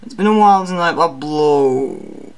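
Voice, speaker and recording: A man's voice: a little high, a little slow, clear, resonant tone, natural voice. A man playing a vain, irritable superhero in a comedy web sketch, rambling with lots of fillers. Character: grumpy male superhero, vain and bossy.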